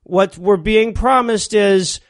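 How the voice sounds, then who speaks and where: A man's voice: high voice, slow, no room sound, studio quality. A man co-hosting a comedy podcast, recapping a film sarcastically and laughing often. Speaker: podcast co-host. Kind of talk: casual comedic movie riffing.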